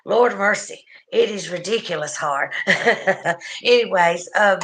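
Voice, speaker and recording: A woman's voice: mid-range voice, slow, noisy background. A middle-aged woman with a Southern US accent, tearful, rambling through an emotional livestream chat and often trailing off. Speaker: livestream host.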